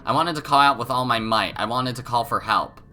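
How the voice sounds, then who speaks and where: A man's voice: medium pitch, brisk, pushed and bright. A man with a cold, hosting a let's play, reading game narration aloud with casual joking asides. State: has a cold.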